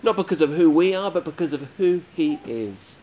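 A man's voice: on the high side, lively intonation, moderate pace, mellow. Male preacher, earnest sermon delivery, emphatic repetition, faint room noise. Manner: earnest, emphatic with repeated phrases.

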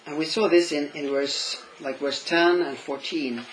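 A man's voice: on the high side, steady tone, a little slow, a little hiss or hum, rough recording. A man preaching a sermon in English, which is not his first language, thoughtful and stopping to search for words. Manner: thoughtful, searching for words, asks questions aloud.

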